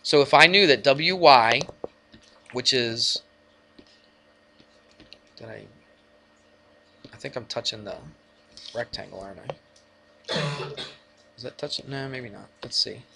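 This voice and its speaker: A man teaching a math lesson to his class, lively and energetic, often asking the students questions. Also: medium pitch, slow pace, vocal fry, pauses often, noisy background. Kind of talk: classroom lecture.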